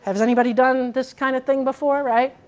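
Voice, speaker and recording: A woman in her forties with a high voice gives a personal keynote talk. She is candid and earnest and often turns to the audience with direct questions. She grew up in Massachusetts. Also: steady tone, a little fast, a little mellow, lo-fi sound. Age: 40s. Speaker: conference speaker.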